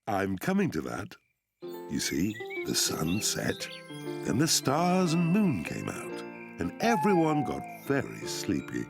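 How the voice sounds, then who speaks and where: A man's voice: on the low side, huge pitch swings, slow pace, creaky, music in the background, heavily acted. A man voicing a jolly, bumbling father pig in a cartoon, telling a bedtime story in a hearty, chuckling manner. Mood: storytelling. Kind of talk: cartoon voice acting.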